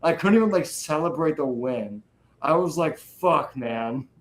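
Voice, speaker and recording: A man's voice: fairly high pitch, animated, unhurried, low-quality recording. A young man talking casually, swearing freely and rambling with energy. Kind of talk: casual chat.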